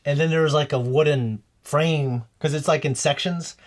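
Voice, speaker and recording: A man's voice: fairly high pitch, normal speed. Chatty man telling stories. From Philippines heritage. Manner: rambling, animated storytelling with restarts. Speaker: reaction show co-host. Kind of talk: casual chat.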